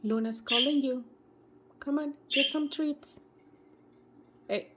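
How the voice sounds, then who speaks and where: A woman at home filming her pet birds, coaxing them in high sing-song baby talk. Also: takes it slowly, pauses often, background noise. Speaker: pet bird owner filming her budgies. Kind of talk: casual vlog talking to pet birds. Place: home, indoors by bird cages. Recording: loud bird chirping behind.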